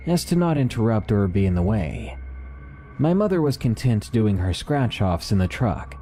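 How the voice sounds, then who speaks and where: Deep-voiced male horror story narrator. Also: mellow, slight background noise. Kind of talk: scripted narration of submitted horror stories.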